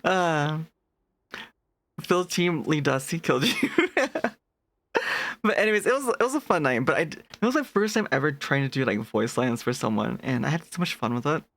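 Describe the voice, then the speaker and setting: Gravelly-voiced streamer chatting with viewers. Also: normal speed. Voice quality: deeper natural voice. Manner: animated, laughs often, reads out and answers chat. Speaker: VTuber streamer. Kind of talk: casual chat with live viewers.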